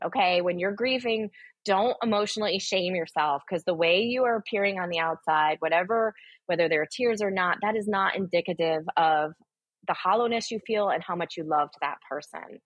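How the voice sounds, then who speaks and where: A woman's voice: mid-range voice, moderate pace, husky, no echo. A woman, a guest author on a podcast, telling personal stories in an earnest, emphatic way with frequent fillers. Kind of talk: candid podcast conversation.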